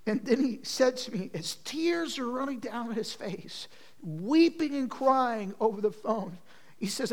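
A man preaching a sermon, telling an emotional story and swinging from loud passages to hushed ones. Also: very high-pitched, animated, a little slow.

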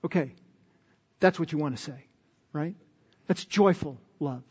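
A man's voice: fairly high pitch, a little slow, husky, in a large hall, dull audio. A man preaching a sermon as pastor, earnest and emphatic, often putting questions to his listeners.

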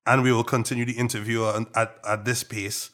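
A young man from Trinidad and Tobago, a guest in a casual interview, talking in a relaxed, jokey way with an accent that moves between American and Trinidadian. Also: medium pitch, fairly quick. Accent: American, switching to Trinidadian partway.

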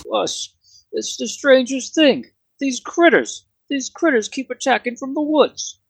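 A game master voicing a nervous, dim-witted male town guard who rambles in a high, whiny voice. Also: lively intonation, unhurried, gravelly, breathy edge, heavily acted. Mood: fretful.

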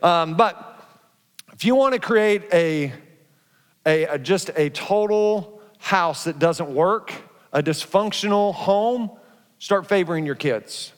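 A middle-aged pastor with a high voice preaches a sermon, acting out his stories with lively energy and frequent restarts. His voice rings with the long reverb of a large church hall. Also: slow, clear, resonant tone. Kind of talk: sermon with personal storytelling.

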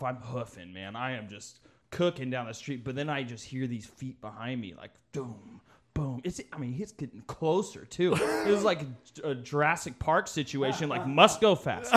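A young man in casual podcast chat, telling a story with laughter and acting out other people's voices. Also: medium pitch.

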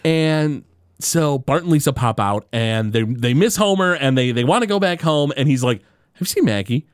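A man's voice: on the high side, normal speed, smooth, no room sound, studio quality. A man co-hosting a casual podcast, retelling an episode and acting out the quotes as he goes. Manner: animated storyteller who acts out quotes. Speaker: podcast co-host. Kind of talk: casual episode recap chat.

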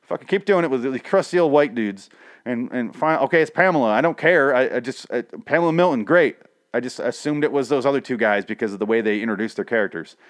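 A man hosting a casual recap who rants, swears constantly and talks in an animated way. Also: medium pitch, quick pace. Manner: profane, ranting, animated.

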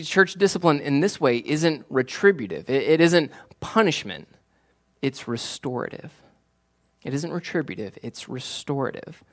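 A man, preaching a sermon in a conversational way, repeating key phrases and growing animated when he tells stories. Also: a little high. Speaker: pastor.

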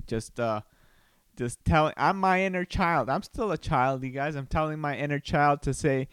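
A man muses aloud on his podcast at home, wandering from thought to thought and slipping into goofy voices. His voice sits a little high and sounds smooth and clean. The mic catches almost no room. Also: a bit bright, no echo. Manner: rambling, playful, does silly voices and quick exclamations. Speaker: podcast host, comedian. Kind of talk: casual solo podcast musing. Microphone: studio microphone.

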